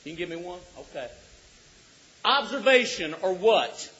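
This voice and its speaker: A middle-aged man preaching a sermon, joking with the congregation and rising to shouts for emphasis. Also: high-pitched, sing-song, unhurried. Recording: dull lo-fi recording.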